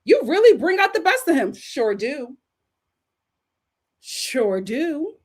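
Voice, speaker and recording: A woman's voice: high-pitched, big pitch swings, takes it slowly. A woman hosts a livestream chat. She talks with sass and emphasis and often repeats her punchlines for effect. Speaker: host.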